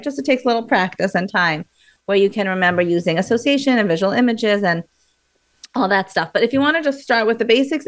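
A woman being interviewed as a memory coach, explaining in a lively, teacherly way and acting out examples. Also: mid-range voice.

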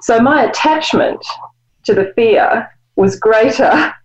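A woman guest and author, explaining ideas in a measured, reflective way. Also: a little high, lively intonation, lo-fi sound. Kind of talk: conversational interview.

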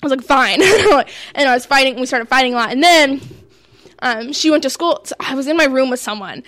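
A young woman co-hosting a talk show, telling a story in a casual, animated way and quoting what people said. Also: high-pitched, brisk, no echo. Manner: animated, quotes herself and others. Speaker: co-host.

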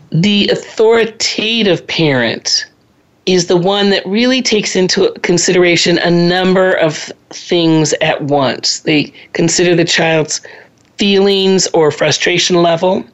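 A woman's voice: lowish voice, unhurried, muffled recording. A woman in her sixties hosting a parenting talk, giving a conversational lecture with chatty asides and personal stories. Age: 60s. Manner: chatty, drifts into personal anecdotes and laughs at herself.

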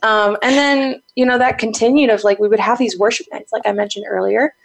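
A woman guest telling a casual story in an animated way, with many fillers. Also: fairly high pitch, fairly quick, gravelly. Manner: animated, chatty, full of fillers and laughs.

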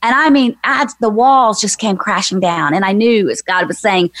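A woman's voice: medium pitch, moderate pace, fairly bright tone, dry recording. Earnest woman telling a heartfelt story. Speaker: guest, author and former minister. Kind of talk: personal storytelling on a faith show.

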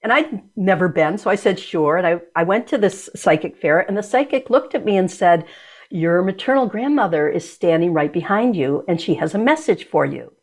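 A woman's voice: fairly low pitch, expressive, moderate pace, darkish tone. A woman being interviewed as an energy medicine practitioner, speaking in a reflective, searching way with frequent restarts. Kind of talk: conversational interview.

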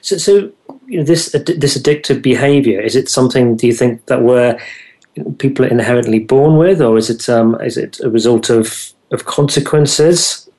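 A man interviewing, asking a halting, hesitant question. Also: medium pitch, darkish tone.

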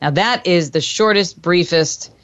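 A woman's voice: fairly low pitch, unhurried, a bit bright, dull audio. A woman hosting a self-help radio talk show, coaching a listener emphatically and repeating phrases in chant-like sequences. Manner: addresses listener tenderly as "my dear".

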